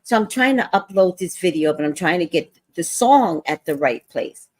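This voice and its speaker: A woman with a low voice tells a story on a casual livestream, her pitch swinging widely as she acts out what others said. The sound is dry and close, with no room echo. She talks in an animated, conversational way. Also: moderate pace. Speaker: vlog host.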